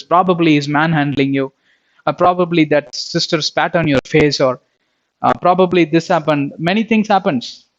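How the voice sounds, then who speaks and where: Male preacher, high voice, teaching in a sermon, often checks that listeners follow; lo-fi recording. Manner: addresses listeners as beloved, asks checking questions. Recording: dull lo-fi sound.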